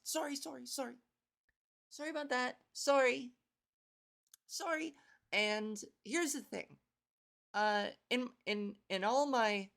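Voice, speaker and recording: A young woman from Canada spins a funny story on her podcast in a laid-back, self-mocking style, laughing often and performing snappy bits of dialogue. Her voice is mid-range and fairly bright, carrying a buzzy edge.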